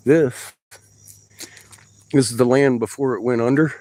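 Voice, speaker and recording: A man excitedly commenting on his finds in a dug pit outdoors, rambling and swearing as he goes. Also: medium pitch, takes it slowly, pauses often, dry recording, poor audio. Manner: profane, rambling, bursts of excitement. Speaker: amateur researcher vlogging a dig.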